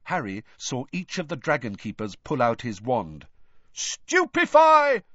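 Husky man reading a storybook aloud. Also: medium pitch, moderate pace, no room sound. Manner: expressive, dramatic reading. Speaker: audiobook narrator. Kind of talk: storybook narration. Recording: dull, dry recording.

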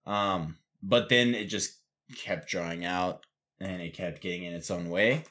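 A man's voice: low voice, measured pace, pushed and bright. A man co-hosting a podcast, talking in a loose, rambling way full of fillers. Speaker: podcast co-host. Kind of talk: casual podcast chat.

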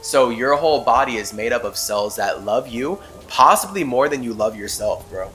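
This podcast host's mid-range voice is animated and a bit bright at a normal pace as he rambles about spirituality, pressing his points and laughing frequently. Faint music plays behind him.

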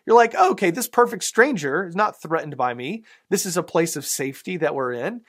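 A man's voice: fairly high pitch, lively intonation, a little fast, a bit bright. A man with a Southern American accent preaching a sermon as pastor, in a conversational way with many fillers and asides.

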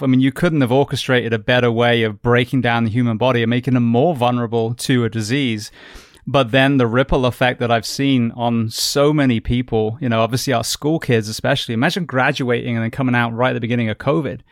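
A man hosting a podcast, speaking in a measured, reflective way, building a point in long runs. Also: medium pitch, steady tone, dry recording, studio quality. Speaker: podcast host. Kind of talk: podcast conversation.

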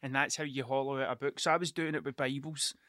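A man's voice: mid-range voice, steady tone, fast talker, bright, forceful tone, dry recording, studio quality. A middle-aged man, hosting a casual solo podcast and telling rambling, sweary stories that keep restarting themselves. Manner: rambling, sweary, self-interrupting storytelling. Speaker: podcast host.

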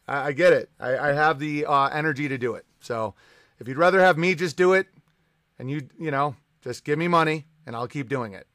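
A man's voice: on the high side, brisk, fairly bright tone, no echo, studio quality. A male livestream host ranting in casual talk, profane, combative and sarcastic. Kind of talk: ranting live-stream chat.

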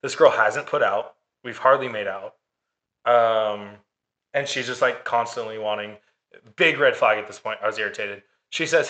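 A man's voice: mid-range voice, normal speed, sharp tone. A man telling a dating story in casual chat, sarcastic and swearing freely. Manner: sarcastic, profane.

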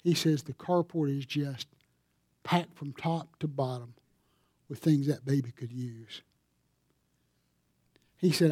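A pastor preaching a sermon, telling a story and building to emphatic appeals. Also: male voice, a little high, unhurried, pauses often, mellow, dry recording, clean studio sound.

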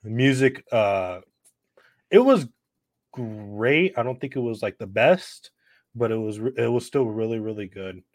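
A man's voice: on the low side, expressive, measured pace, darkish tone, no room sound. A man co-hosting a casual podcast, eager and swearing casually. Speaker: podcast co-host.

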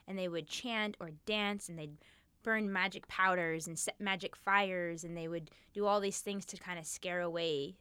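A woman co-hosting a podcast, casually telling a dark history story, swearing and laughing along the way. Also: on the low side, steady tone, normal speed, smooth, no room sound.

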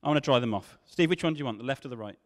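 A man preaching a sermon, swinging from loud questions to hushed tones. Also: medium pitch, lively intonation, racing. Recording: long hall reverb.

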